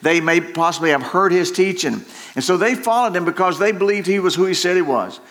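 A man preaching a sermon as pastor, slow and emphatic, often repeating phrases and restarting. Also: high-pitched, a bit bright.

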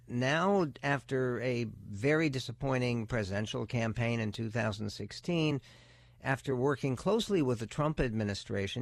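A man hosting a talk radio show, giving opinionated political commentary in a measured, deliberate way with emphatic stresses. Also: medium pitch, no echo. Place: radio studio. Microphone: close studio microphone.

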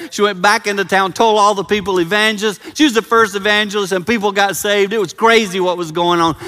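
A man preaching a sermon in a church, animated and emphatic, slowing down for his earnest points. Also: high-pitched. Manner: animated, building to loud emphasis, then slow and earnest. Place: church sanctuary. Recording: long reverb in church hall.

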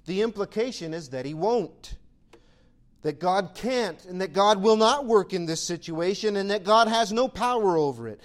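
High-voiced, emphatic male preacher. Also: lively intonation, normal speed. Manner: emphatic, exhorting, rhetorical questions. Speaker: pastor. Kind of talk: sermon.

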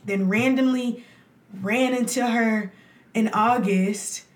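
A woman guest on a podcast, chatting excitedly and gushing with thanks, laughing often. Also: fairly high pitch, slow pace. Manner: gushing, exuberant, with frequent laughs and "y'all". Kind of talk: excited casual chat. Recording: echoey room.

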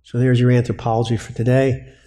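A man preaches to a room of counselors in a warm, mellow voice. He is animated and keeps throwing out rhetorical questions that he answers himself. His pitch sits in a plain middle range for a man. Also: brisk. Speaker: preacher and biblical counseling teacher. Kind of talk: sermon.

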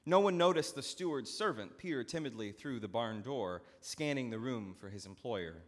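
A male pastor telling a story in a sermon with dramatic, expressive narration, recorded in a church. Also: mid-range voice, moderate pace. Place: church sanctuary. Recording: long church hall reverb.

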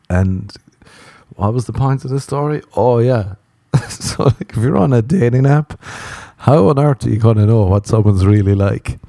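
A man tells a rambling story in casual conversation, swearing freely and laughing at his own tale. His voice sits a little low with a warm, relaxed tone. The recording is close and dry. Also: gravelly, no echo. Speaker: comedian.

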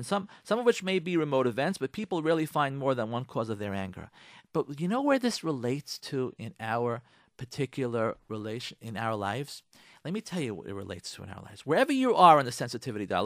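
A man with a high, lively voice hosts a radio advice show, talking straight to his listeners about marriage. He hammers points by saying them twice and keeps asking rhetorical questions. The recording is dry and close. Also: no echo. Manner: emphatic, repeats lines for effect, rhetorical questions; addresses listeners directly, coaxing. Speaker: radio show host giving relationship advice.

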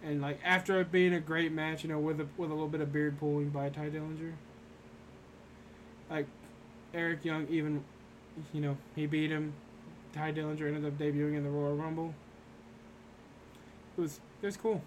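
Recapping wrestling matches for his casual podcast, a young man talks in a level, somewhat high voice at a moderate pace. He pauses a lot and rambles with fillers, and faint background noise is present.

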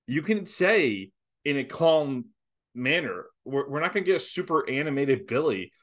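A man co-hosting a football podcast in casual chat, measured and agreeable as he adds his own point. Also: a little high, sing-song. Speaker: co-host of a college football podcast. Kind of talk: casual sports talk.

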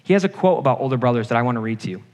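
A man's voice: medium pitch, lively intonation, racing, darkish tone. Young man preaching in an echoing hall. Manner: earnest, personal storytelling preacher. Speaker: campus ministry speaker. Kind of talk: sermon. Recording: reverberant hall.

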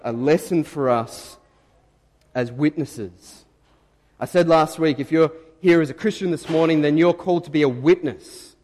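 A man preaching a sermon as pastor, telling the story with animated quoted voices. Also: on the high side, long reverb tail. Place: church.

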